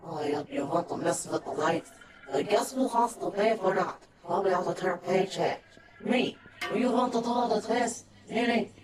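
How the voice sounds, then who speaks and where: A woman's voice: mid-range voice, normal speed. A woman giving casual, chatty commentary while playing a horror game, explaining things on the side and swearing when annoyed. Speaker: game streamer. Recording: distant mic with loud game music.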